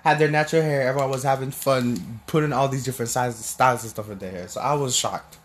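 A man's voice: mid-range voice, quick pace. A young man from Jamaica in casual, rambling storytelling, full of restarts and fillers. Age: young adult.

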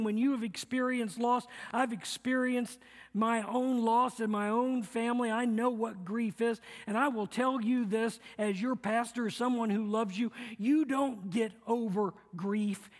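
A middle-aged male pastor preaching a sermon, earnest and repetitive, leading the congregation to repeat lines back to him. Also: extremely high pitch. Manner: earnest, repeats phrases, leads the congregation in call-and-response. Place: church sanctuary. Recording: long reverb of a church hall.

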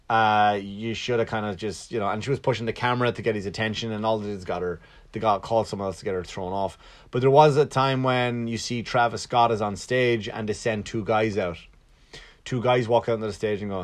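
Man, stand-up comedian, low voice, rambling storyteller, profane, casual. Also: brisk. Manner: rambling, profane, with frequent asides and self-corrections.

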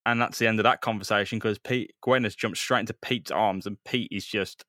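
A man's voice: lowish voice, steady tone, fairly quick, hardly any pauses, pushed and bright, no echo, studio quality. Man retelling a comic with jokes. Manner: narrates plot with crude jokes, laughs often. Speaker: podcast co-host. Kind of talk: comic book read-through chat.

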